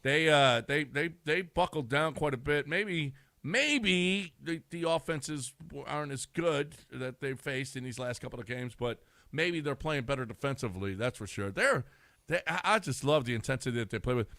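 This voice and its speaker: A male sports radio co-host with a mid-pitched, easygoing voice that often stops and restarts as he works out his thought. He is close on a studio mic in a dry room. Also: moderate pace, bright, forceful tone, no room sound. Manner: conversational, chuckling, breaks off and restarts. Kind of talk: casual sports talk.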